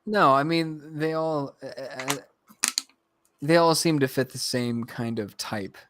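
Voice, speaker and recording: A man's voice: on the high side, takes it slowly, noisy background. A man on a podcast, dropping wry side comments in a casual chat. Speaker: podcast co-host.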